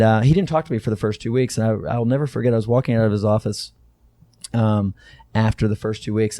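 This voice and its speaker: A middle-aged man from Texas talks through his story as an interview guest, circling back with frequent fillers and restarts. His voice sits low and mellow. The recording is dry and close. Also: dry recording. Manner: rambling, many fillers and restarts. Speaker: guest, company co-founder.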